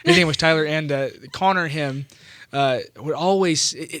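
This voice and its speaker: A man's voice: a little high, normal speed, a bit bright. A young man who is a guest on a student radio show, chatting easily and often restarting and repeating words. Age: young adult. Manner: easygoing, repeats words, frequent "yeah". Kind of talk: casual chat.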